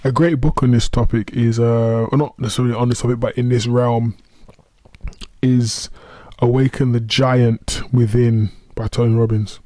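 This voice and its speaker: A man with a warm, mellow voice hosts a solo motivational podcast. He speaks earnestly and conversationally, with self-deprecating asides, and his voice sounds dry and close with no room echo. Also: medium pitch, flat delivery, moderate pace. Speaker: podcast host.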